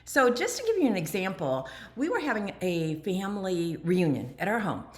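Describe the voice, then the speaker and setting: A woman candidly talking about her recovery in an animated personal monologue, sometimes dropping to a near whisper. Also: mid-range voice, normal speed. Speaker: recovery speaker and channel host.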